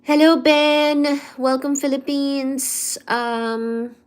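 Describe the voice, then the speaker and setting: A woman hosting a casual live stream, reading viewer comments aloud and teasing back in a careful, clearly articulated way. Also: sits high, level tone, extremely slow. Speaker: livestream host.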